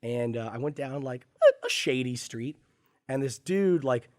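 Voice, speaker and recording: A man co-hosting a podcast, telling a casual anecdote in a wry, deadpan way with playful asides. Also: medium pitch, measured pace, no room sound, studio quality. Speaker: podcast co-host. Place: podcast studio.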